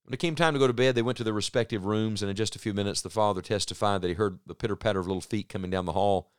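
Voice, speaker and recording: A man preaching a broadcast sermon in an earnest way, slowing down into emphatic pauses. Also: on the low side, smooth, no echo, clean studio sound.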